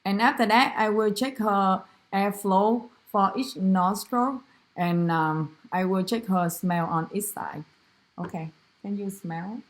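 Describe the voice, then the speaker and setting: A woman whose first language is Vietnamese walks through a clinical exam, speaking slowly and carefully. She halts often, restarts her phrases, and fills pauses with ums and uhs. Her pitch sits in an ordinary middle range. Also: steady tone. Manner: halting, many fillers and self-corrections, non-native English grammar. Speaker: student demonstrating a physical exam. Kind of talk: narrated clinical skills demonstration.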